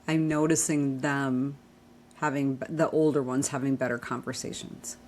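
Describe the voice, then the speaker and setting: A woman's voice: extremely low pitch, steady tone, moderate pace, a little mellow, a little hiss or hum. An older woman chatting casually on a podcast, telling family stories and acting out the dialogue. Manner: storytelling, acts out family dialogue. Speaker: podcast co-talker. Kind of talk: casual chat.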